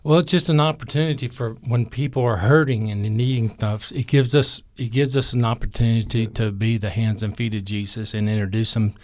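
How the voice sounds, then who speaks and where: Earnest pastor, dry studio sound. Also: male voice, mid-range voice, darkish tone, no room sound. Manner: plain, earnest, halting. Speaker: pastor and food bank leader. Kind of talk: casual radio interview. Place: church studio.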